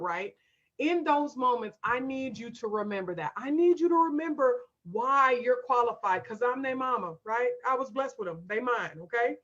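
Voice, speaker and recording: A woman's voice: fairly high pitch, fairly bright tone, dull audio. A woman coach hosting a live stream, emphatic and direct, calling her viewers y'all and reading out their comments.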